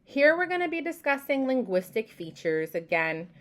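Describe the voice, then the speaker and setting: A young woman from the Boston area giving a casual class presentation, often pausing with "um" and demonstrating pronunciations aloud. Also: sits high, very animated. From Boston area, USA. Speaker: student presenter.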